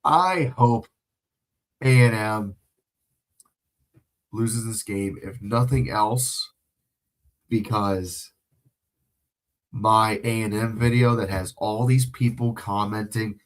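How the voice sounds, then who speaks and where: A man's voice: fairly low pitch, slow pace, long pauses. A young man streaming a live watch-along, calling plays from home with emotional, profane outbursts and chatting with viewers. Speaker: livestream watch-along host. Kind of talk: excited live play-by-play commentary with chat. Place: home room.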